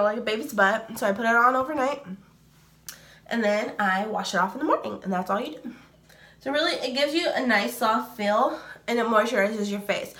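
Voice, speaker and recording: A woman's voice: fairly high pitch, pushed and bright. A woman in her twenties casually chatting through a skincare review, rambling and laughing often. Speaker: beauty vlogger.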